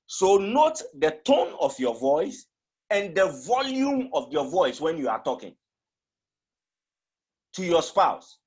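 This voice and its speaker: A man teaching on marriage in an emphatic, repetitive way, often acting out tones of voice to make a point. His voice sits high and swings widely in pitch. He delivers it as a spoken teaching talk. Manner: emphatic, repeats phrases and demonstrates tones of voice. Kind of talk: teaching talk, switching between languages.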